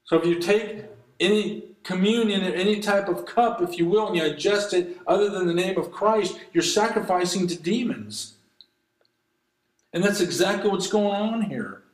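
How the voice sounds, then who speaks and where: A man delivers an impassioned sermon, his voice sitting a little high. His delivery swells and drops as he reads scripture and presses his point. The sound carries an echo, as if he is in a reverberant room. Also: moderate pace. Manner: impassioned, rising and falling delivery. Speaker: preacher.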